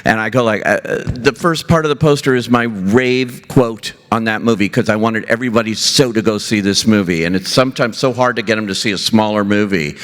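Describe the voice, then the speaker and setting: A man's voice: fairly low pitch, fairly quick, hardly any pauses, fairly bright tone. A man moderating an on-stage festival interview, gushing and eager with his questions. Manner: enthusiastic, gushing. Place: large theatre stage. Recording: long hall reverb.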